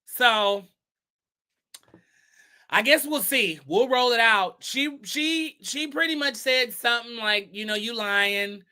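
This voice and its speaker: A man with a bright, high-pitched voice takes his time on a casual gossip show, pausing often as he reads posts and answers them with emphatic, sassy rhetorical questions. He is expressive and consistently sharp, and the tone is clean.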